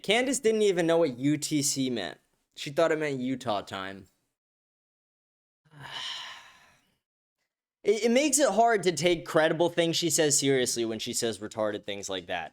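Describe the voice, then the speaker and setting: A young man hosting a livestream podcast, reading chat comments aloud in a blunt, profane, casual way and laughing often. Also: medium pitch. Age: young adult.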